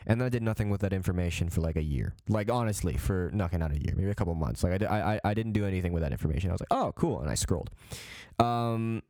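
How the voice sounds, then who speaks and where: A man's voice: deep voice, lively intonation, rapid-fire, dark tone, no room sound, clean studio sound. A young man in his late teens from Canada, hosting a podcast and telling a story in a casual, rambling way, with frequent swearing, restarts and fillers. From Calgary, Canada. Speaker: podcast host.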